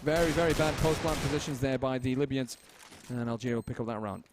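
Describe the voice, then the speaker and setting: A man casting a competitive shooter game match with fast, joking play-by-play commentary. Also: mid-range voice, steady tone, noisy background. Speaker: esports caster.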